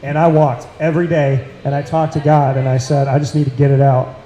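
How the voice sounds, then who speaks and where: A man with a Central New York accent talks earnestly on a casual talk show. His voice sits a little high but sounds dark and mellow. The room around him is echoey. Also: flat delivery, fairly quick. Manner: earnest, emphatic, repeats phrases for weight. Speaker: podcast host.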